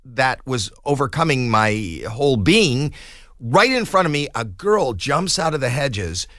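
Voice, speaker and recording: A man in his sixties, a podcast guest telling a comic story in an animated way and acting out the quoted voices. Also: mid-range voice, a little slow, no echo, clean studio sound.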